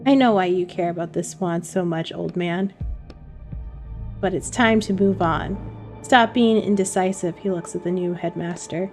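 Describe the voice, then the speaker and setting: A woman's voice: lowish voice, normal speed, faint music behind, close to an everyday voice. A woman reading as a scornful young man. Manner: cold, scornful, commanding. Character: young man, arrogant and contemptuous.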